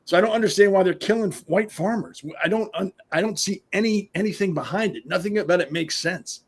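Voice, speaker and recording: A man co-hosting a panel show, talking bluntly and emphatically with a husky voice. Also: sits high, brisk. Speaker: co-host. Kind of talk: opinionated panel talk.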